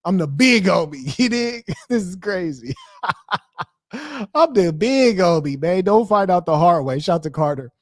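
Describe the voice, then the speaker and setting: A man trash-talks his opponents on a livestream, combative and slangy. His voice sits a bit high. The sound is close and dry, with no room echo. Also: expressive, a little slow. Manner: confrontational, trash-talking, slangy. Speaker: livestream debate host. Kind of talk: heated livestream commentary.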